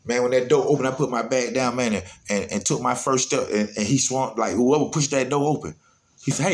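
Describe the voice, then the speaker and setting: A man with a Southern Atlanta accent, hosting his show and telling a story in animated, slang-heavy casual talk. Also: mid-range voice, brisk, a little hiss or hum.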